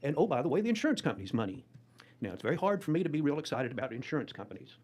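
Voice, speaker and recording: A man's voice: a little high, big pitch swings, very fast, darkish tone, slightly rough. A man hosting a livestream as a lawyer, commenting bluntly and wryly. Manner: blunt, wry. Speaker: trial lawyer, livestream host.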